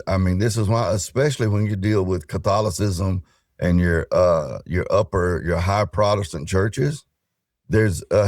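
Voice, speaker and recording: A middle-aged man in a casual podcast debate, speaking in a folksy, dismissive way with drawn-out phrasing. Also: low voice, a little mellow, no echo, clean studio sound. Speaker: co-host panelist.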